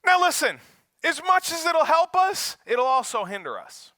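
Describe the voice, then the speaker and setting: A male pastor delivers a lively, joking sermon and speaks directly to his congregation. His voice sits high and sounds very bright and sharp. The recording is dry, with almost no room sound. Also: normal speed, dry recording. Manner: humorous, animated, addresses the congregation directly. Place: church service held in a school.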